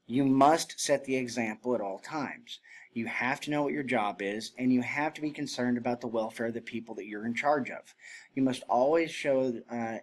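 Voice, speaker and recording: Guy teaching drill commands, mid-pitched plain voice, explains stuff then barks out the commands. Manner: explains plainly, shouts drill commands and cadence counts in demonstrations. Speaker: drill instructor. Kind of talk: spoken lesson on military drill.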